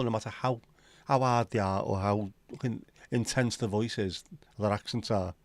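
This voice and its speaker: A man's voice: fairly low pitch, fairly even intonation, normal speed, few pauses, no echo. Sweary Liverpool man ranting on a livestream. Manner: opinionated, sweary, rambling rant. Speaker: livestream host. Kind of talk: casual chat to a live audience.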